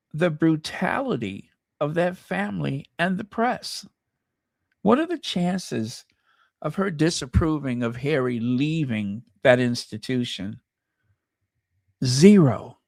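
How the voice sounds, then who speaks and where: A man's voice: on the high side, a little mellow, no echo, studio quality. A man from the United States hosting his channel, giving sassy, mocking casual commentary. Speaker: channel host.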